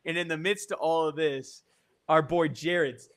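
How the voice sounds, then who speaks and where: A man's voice: a little high, steady tone, normal speed, a bit bright. A young man chatting casually, telling an idea as a story and acting out scenes with sound effects. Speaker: co-host. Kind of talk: casual brainstorming chat.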